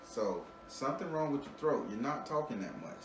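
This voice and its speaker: A man gives a client a spiritual reading in a loose, joking way, swearing freely and laughing between points. He stumbles and repeats words as he restarts. His voice sits back from the mic in a roomy space, with steady background noise behind it. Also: medium pitch, fairly quick, far from the mic. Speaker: spiritual reader giving a tarot reading.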